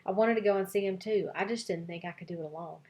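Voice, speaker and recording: A woman's voice: mid-range voice, fast talker. Woman reading a children's novel aloud. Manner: expressive storytelling, voicing several child narrators.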